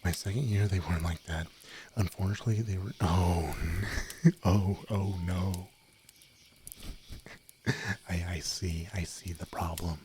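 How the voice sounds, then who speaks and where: A young man streaming late at night, chatting softly in a rambling, giggly way that often drops into a whisper. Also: low voice, fairly even intonation, unhurried, pauses often, slight background noise. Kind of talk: soft-spoken late-night stream chat. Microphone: desk microphone, no windscreen.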